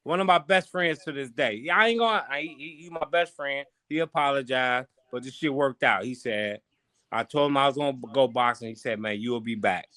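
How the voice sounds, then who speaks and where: A man from Chicago, a former boxer, guesting on a podcast and telling stories from his life in a loose, animated, slangy way with plenty of swearing. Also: medium pitch, a little fast, dry recording. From Chicago, USA. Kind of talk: casual storytelling interview.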